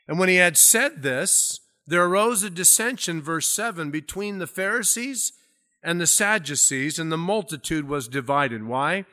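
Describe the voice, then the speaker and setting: A male pastor delivering a teaching sermon, his voice sitting a little high for a man and ringing bright and forceful. He talks through the text in a conversational way, then lifts his voice and presses harder on the scripture he reads out. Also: animated, moderate pace. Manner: conversational Bible teaching with rising emphasis on scripture readings. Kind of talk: expository sermon.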